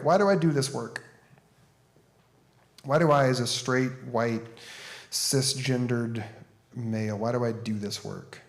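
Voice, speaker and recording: A man giving a conference talk as an author and speaker, conversational and plain-spoken as he tells a story. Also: medium pitch.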